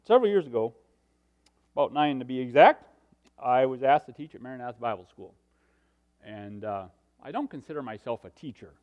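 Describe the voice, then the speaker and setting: A middle-aged man preaching a sermon, telling personal stories and swinging from hushed asides to loud, animated stretches. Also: mid-range voice, fairly quick, long pauses, lo-fi sound.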